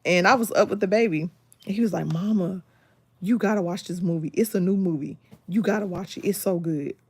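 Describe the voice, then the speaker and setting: A woman, chatting casually on a livestream and retelling a movie with lively acted-out quotes. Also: fairly low pitch, fairly quick, slightly rough. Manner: animated storytelling, acts out quotes with laughter. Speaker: livestream host.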